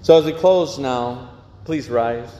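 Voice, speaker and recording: A man's voice: medium pitch, slow pace, mellow, a little hiss or hum. A man preaching a sermon as pastor, earnest and given to repeating phrases. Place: church. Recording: echoey church hall.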